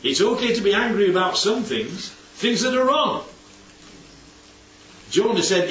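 A man's voice: sits high, big pitch swings, a little slow, pauses often, a bit bright. A man preaching in a chatty, conversational way, his voice rising and falling widely as he keeps asking the congregation rhetorical questions. He sits far from the mic in an echoey church hall, and the sound is somewhat dull with faint background noise. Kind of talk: conversational sermon.

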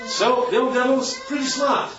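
A man's voice: very high-pitched, fairly even intonation, moderate pace, a bit bright, a little hiss or hum. A man teaching the Bible to a small church group, asking them questions and joking as he goes. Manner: asks the audience questions constantly; jokey asides. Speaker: preacher. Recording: roomy, distant, dull lo-fi room recording.

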